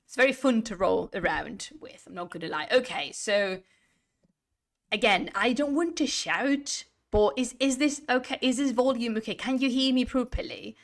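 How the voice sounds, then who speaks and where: A woman's voice: a little high, normal speed. A woman live-streaming from home, chatting casually with viewers, rambling and restarting her sentences while sitting back from her desk mic. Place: home room. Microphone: desk mic, sitting away from it.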